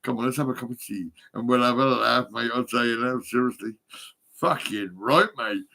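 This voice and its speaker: A man's voice: medium pitch, moderate pace, vocal fry, bright, forceful tone. Brief: guy, fifties, rambling sweary phone vlog, laughs a lot. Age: 50s.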